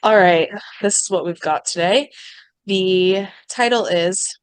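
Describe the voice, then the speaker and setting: Lady cohost, dry teasing humor, reads a story out loud, dry close sound. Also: lowish voice, slow, smooth, dry recording. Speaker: podcast co-host, story reader. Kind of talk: casual chat and reading a story aloud.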